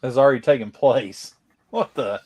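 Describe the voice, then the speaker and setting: A man's voice: medium pitch, moderate pace, darkish tone, dry recording. A man with a Southern accent, chatting casually as a co-host on a livestream, with a playful, teasing drawl.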